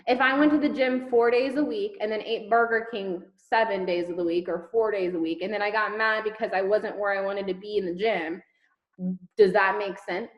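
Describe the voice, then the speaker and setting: A woman's voice: medium pitch, fairly even intonation, moderate pace, echoey room, muffled recording. A woman leading a network marketing team, giving an emphatic motivational talk over a video call, firing rhetorical questions and repeating words for effect. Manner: emphatic, rhetorical questions, repetition, casual swearing.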